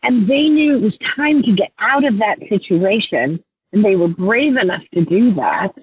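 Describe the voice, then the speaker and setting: Husky-voiced woman coach, earnest. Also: medium pitch, expressive, normal speed, dry recording, lo-fi sound. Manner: earnest and heartfelt, often clears her throat. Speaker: life coach. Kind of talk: guest storytelling in an interview.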